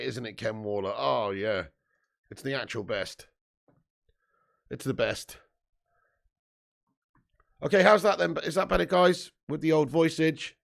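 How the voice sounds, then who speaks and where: Very gravelly man just out of bed. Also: fairly high pitch. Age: 30s. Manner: chatty and jokey, sweary, reads out viewer comments. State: just woken up, morning voice. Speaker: host of a live football watch-along stream. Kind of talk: casual live-stream chat and match commentary.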